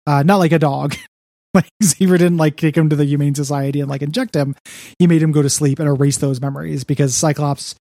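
A man's voice: fairly high pitch, steady tone, a little fast, mellow, dry recording, studio quality. A man co-hosting a podcast, recapping a comic book in casual, rambling chat full of "you know" and "like". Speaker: podcast co-host.

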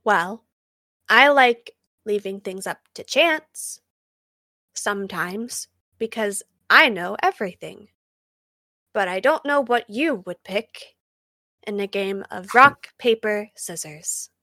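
A woman's voice: mid-range voice, animated, slow, bright, forceful tone, no echo, studio quality, pitched below the performer's own voice, heavily acted. A woman voicing a smug, all-knowing female supercomputer that talks in a cheery, playful, teasing way.

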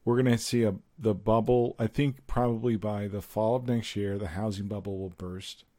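A man's voice: on the low side, steady tone, moderate pace, mellow. A man co-hosting a podcast, chatting casually and giving opinions, thinking aloud with lots of fillers. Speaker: podcast co-host. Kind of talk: casual chat.

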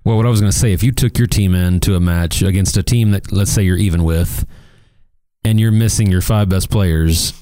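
A man's voice: sits low, fairly quick, mellow, no echo. A man co-hosting a casual tennis talk show, laid-back, laughing along and answering with short agreeing replies. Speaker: tennis podcast co-host. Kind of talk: casual sports chat.

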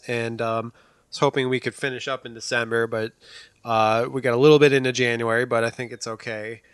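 A man's voice: medium pitch, a bit bright, clean tone, no echo. A man co-hosting a podcast, chatting casually in a laid-back way with his friends. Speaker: podcast co-host. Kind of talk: casual chat.

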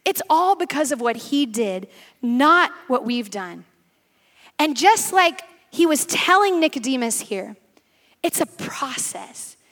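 A woman preaching a sermon, telling stories in quick, animated bursts. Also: high voice. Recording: reverberant hall.

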